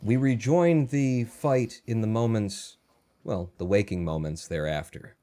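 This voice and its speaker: A man's voice: lowish voice, unhurried, mellow. A man co-hosting a casual chat, rambling and giggling. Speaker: co-host.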